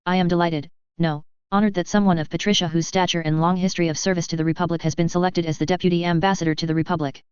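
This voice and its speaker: A woman's voice: fairly low pitch, steady tone, very fast, few pauses, a little mellow, smooth, no echo, highs cut off, natural voice. A woman reading the lines of a blunt, swearing human male ambassador.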